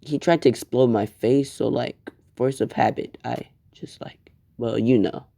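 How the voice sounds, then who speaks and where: A man's voice: medium pitch, fairly even intonation, a little slow, vocal fry, mellow, dry recording. A man voicing a volatile young male hero student who swears when agitated. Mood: casual.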